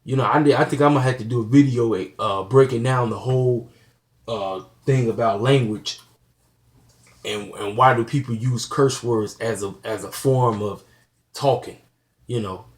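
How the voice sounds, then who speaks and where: Guy talking to his channel, earnest and kinda preachy, keeps saying you know, mid pitch voice. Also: normal speed. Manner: plain-spoken, preachy. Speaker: channel host. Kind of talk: casual talk to camera.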